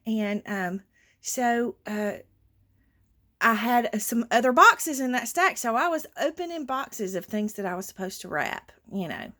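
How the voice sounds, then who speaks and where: A woman's voice: on the high side, expressive, unhurried. A woman chatting casually and emotionally to her viewers as a craft channel host, with lots of fillers. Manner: emotional, gushing, warm thanks with many fillers.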